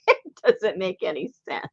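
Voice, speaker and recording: Chatty woman craft host, lively pitch. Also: measured pace, vocal fry, slightly rough, no echo, muffled recording. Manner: chatty, laughs often, many ums and trailing restarts. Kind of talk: casual chat.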